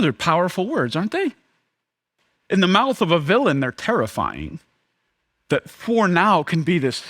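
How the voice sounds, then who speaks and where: A man preaching a sermon as pastor, chatty and conversational, swinging between lively emphasis and hushed, slow moments. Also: high voice. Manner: casual, conversational preaching with many fillers.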